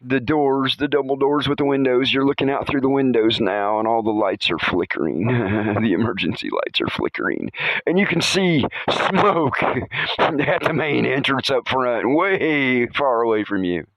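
A man narrating a comic horror story, chuckling often as he tells it in a playful, animated way. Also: medium pitch, measured pace, dry recording, muffled recording. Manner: chuckles through his telling, animated and playful.

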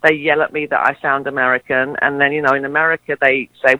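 An English actress in her fifties with a mid-Atlantic accent, telling stories in a casual interview. She is animated and uses many fillers and restarts. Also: rumbling low, fast talker, dry recording. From England. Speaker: actress guest. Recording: dull, dry lo-fi recording.

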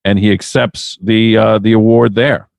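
A man's voice: on the low side, little pitch movement, normal speed, creaky, no room sound, clean studio sound. A man co-hosting a podcast, riffing with sarcasm and plenty of swearing. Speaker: podcast co-host. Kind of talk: casual chat.

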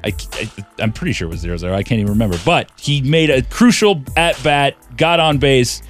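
A man co-hosting a podcast in casual sports chat, talking in halting bursts with restarts. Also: medium pitch, lively intonation, faint music behind.

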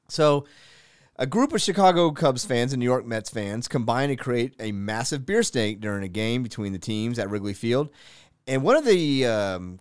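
A man co-hosting a podcast, telling stories in an animated way. His pitch moves a lot, and the sound is close and dry. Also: smooth, dry recording. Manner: animated storyteller, laughs easily. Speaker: podcast co-host. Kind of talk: casual chat.

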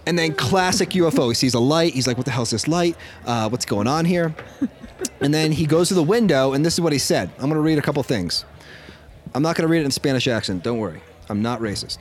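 A man's voice: fairly high pitch, fast talker. A man hosting a podcast, telling a story to his co-hosts in casual chat; he rambles, corrects himself and laughs often. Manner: excitable. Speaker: podcast host.

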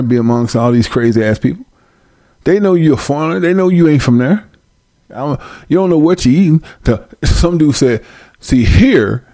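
A man's voice: a little high, no room sound, studio quality. A man hosting a livestream, ranting casually with lots of profanity and frequent laughter. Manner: profane, laughing often, animated. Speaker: livestream host.

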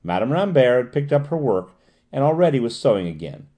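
A man narrating a classic novel as an audiobook reader, steady and expressive. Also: mid-range voice, a little fast. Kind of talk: scripted narration.

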